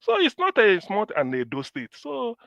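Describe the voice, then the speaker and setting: A man's voice: high-pitched, wildly swooping pitch, normal speed, gravelly, fairly bright tone, no echo, lo-fi sound. A man from Anambra with a Nigerian accent, debating politics in an emphatic way and repeating himself to drive his points home. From Nigeria, Anambra State. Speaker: political commentator. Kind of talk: casual political debate in Nigerian Pidgin and English.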